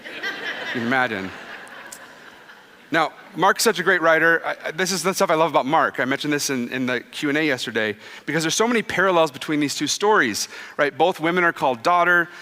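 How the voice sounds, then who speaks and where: 30s guy pastor preaching, chatty storyteller, bright voice, big echoey church. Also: brisk. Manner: conversational, animated storytelling; drops soft and low for quoted words. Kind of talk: sermon. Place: church sanctuary. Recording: long reverb of a church hall.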